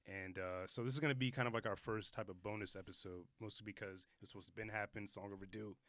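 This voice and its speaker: Young male podcast host, rambling and loose, quick, bright, dry close sound. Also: lowish voice, steady tone, dry recording. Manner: rambling, laid-back slang. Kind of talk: casual podcast chat.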